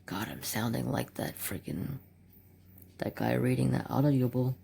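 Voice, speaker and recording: A man in his forties rambles through a laid-back craft video at his home desk, joking and muttering asides to himself. His voice has a gravelly, fried edge. A faint hiss of noise sits under the recording. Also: mid-range voice, a little slow, warm tone. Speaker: craft channel host. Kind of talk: casual chat while swatching markers.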